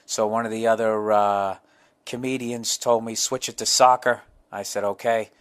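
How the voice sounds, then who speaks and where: A man's voice: lowish voice, level tone, moderate pace. A middle-aged man, hosting a solo podcast, telling profane, rambling comic stories. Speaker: podcast host.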